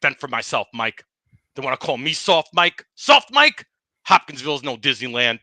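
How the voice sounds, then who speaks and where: A man's voice: mid-range voice, fairly quick, sharp tone, no echo. A man voicing a tough-talking bowling ball in a comedy podcast skit, griping and boasting as he trash-talks and keeps saying the host's name. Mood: aggrieved. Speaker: guest.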